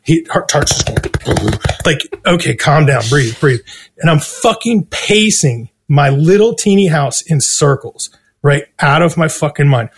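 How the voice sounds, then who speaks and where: Profane, high-voiced man telling a wild story. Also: a little slow, breathy edge. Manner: profane, animated, acts out his own quotes. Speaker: guest musician. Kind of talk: casual storytelling.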